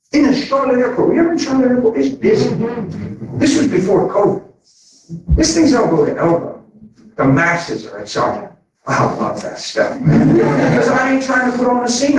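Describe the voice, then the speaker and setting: A man telling a story as a preacher, animated and excitable, often calling people "man". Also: sits high. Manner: animated, says "man" often, sped-up bursts. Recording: echoey hall from far off, faint noise.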